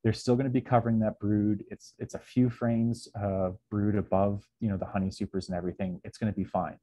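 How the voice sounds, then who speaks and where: A man's voice: on the low side, flat delivery, fairly quick, warm tone, no echo. A man giving a casual slide lecture on beekeeping, with lots of ums, who sometimes acts out little dialogues. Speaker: beekeeping presenter.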